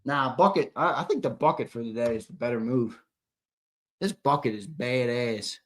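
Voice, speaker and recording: In this casual live stream, a young co-host of a fan show chats loosely with viewers and reads out their comments. His voice is mid-range at a moderate pace, and he swears and says his lines twice.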